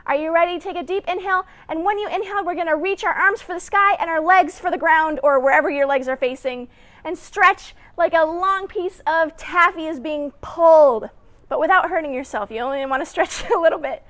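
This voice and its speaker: Super high-pitched woman doing kids story time, playful and encouraging, hums little boops and doos. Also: brisk, fairly bright tone. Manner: playful, encouraging, talks straight to young kids; hums little sound effects and laughs between cues. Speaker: family educator hosting story time. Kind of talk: children's story time and movement exercises.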